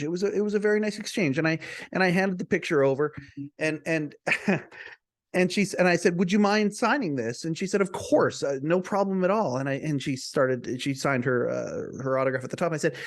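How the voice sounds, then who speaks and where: Speaking fairly fast in a high-pitched, expressive voice, this podcast host shares a personal story to camera. His style is chatty, with frequent repeated words and restarts.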